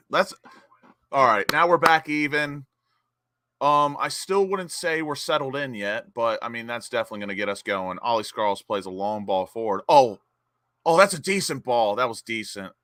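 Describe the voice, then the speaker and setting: A young man hosting a live football watch-along, greeting chat viewers by name and getting excited over the play. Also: mid-range voice, dry recording, studio quality. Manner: excitable, reads chat names and cheers goals.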